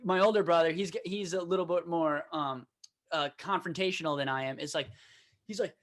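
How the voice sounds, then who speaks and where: High-voiced profane young male storyteller. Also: fairly quick. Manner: profane, animated storyteller, shouts quoted lines. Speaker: podcast co-host. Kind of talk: casual storytelling chat.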